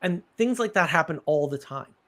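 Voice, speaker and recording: A man's voice: fairly high pitch, animated, moderate pace, fairly bright tone. A man hosting a live stream, explaining ideas in a casual, thoughtful way with examples.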